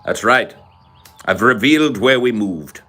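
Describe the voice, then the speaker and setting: A man's voice: medium pitch, expressive, unhurried, pushed and bright. A man hosting a podcast, chatting casually and reading comments aloud in a sarcastic, crude way. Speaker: podcast host.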